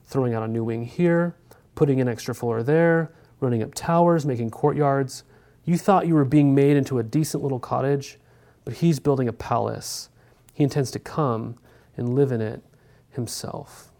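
A man's voice: mid-range voice, moderate pace, warm tone. A male pastor giving a sermon in a conversational way, often checking in with his listeners by asking "right?".

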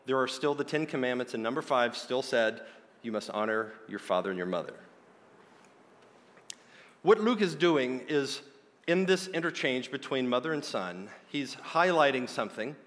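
Emphatic preacher in an echoing hall. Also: male voice, medium pitch, a bit bright. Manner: earnest, emphatic, slowing on key points. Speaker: pastor. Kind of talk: sermon. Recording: long hall reverb.

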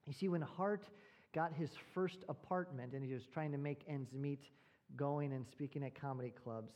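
A man's voice: a little high, normal speed, darkish tone. A male pastor preaching a sermon, telling a story and posing rhetorical questions.

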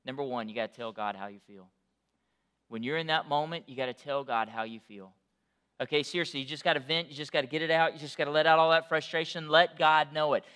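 Pastor, male, crisp bright voice, chatty preaching with loud emphatic swells. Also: fairly high pitch, fast. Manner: conversational preaching, rising to loud emphatic peaks. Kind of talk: sermon.

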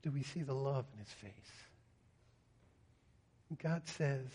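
A man's voice: mid-range voice, takes it slowly, warm tone, breathy edge. A man preaching a sermon in an earnest way, often voicing a psalmist's pleas in prayer. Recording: reverberant hall.

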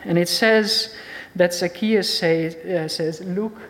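A woman's voice: on the low side, takes it slowly. A woman preacher teaching a Bible passage in a sermon, emphatic and repeating key words for stress. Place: church. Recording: long reverb of a large hall.

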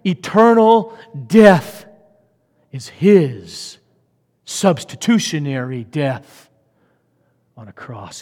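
A man preaching a sermon, swinging from loud emphatic lines to hushed whispers. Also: on the high side. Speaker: pastor. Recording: long hall reverb.

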